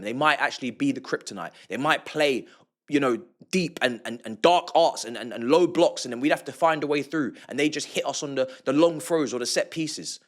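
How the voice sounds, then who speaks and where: A young man hosting an excited post-match football reaction vlog, talking emphatically with slangy banter and repeated phrases. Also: mid-range voice. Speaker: football fan reaction host.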